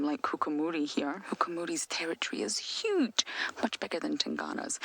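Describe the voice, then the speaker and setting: A woman guiding a live game drive from an open vehicle outdoors, answering viewer questions in a hushed, often whispered voice. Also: low-pitched, gravelly, rough recording. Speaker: safari guide.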